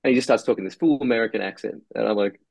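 A man tells a loose, rambling story on a casual podcast, swearing as he goes. His voice is low and gravelly, with a husky edge. He sits close to the mic in a dry room. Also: rapid-fire, a little mellow, no room sound. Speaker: brewery co-founder guest.

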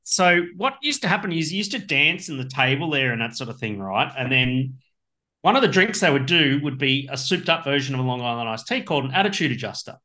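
Bright-voiced man spinning yarns. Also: medium pitch, very animated, brisk. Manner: rambling storyteller, swears freely. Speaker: podcast co-host. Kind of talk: casual chat.

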